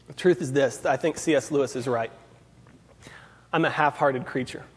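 A man's voice: mid-range voice, moderate pace, slightly rough. A man preaching a sermon to a gathered group, earnest, repeating key phrases for emphasis. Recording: long hall reverb.

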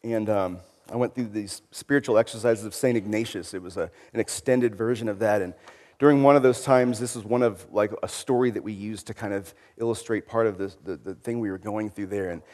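A man giving an informal sermon-style talk, reflective and conversational, often trailing into quieter phrases. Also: lowish voice, fairly quick, long reverb tail.

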